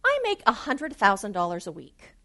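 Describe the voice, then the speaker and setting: A woman's voice: mid-range voice, normal speed, heavily acted. Lady doing a chill smug castaway dude, totally unbothered. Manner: calm, matter-of-fact. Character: calm, smug shipwrecked rich man.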